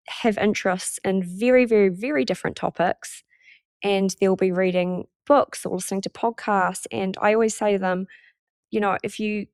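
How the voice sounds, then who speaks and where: A woman's voice: mid-range voice, no room sound, clean studio sound. A woman hosting a solo podcast, talking in a chatty, candid way and swearing casually. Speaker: podcast host.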